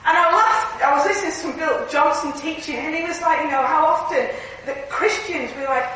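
A woman preaching a sermon in a church, earnest and lively, often laughing through her stories. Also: high voice, moderate pace, a little hiss or hum. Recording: echoey hall from far off, faint ambience.

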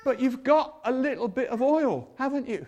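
A man's voice: very high-pitched, lively intonation, moderate pace, warm tone. An older man giving a chatty sermon, acting out the people in the stories. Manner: chatty, acts out quotes in voices. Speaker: preacher.

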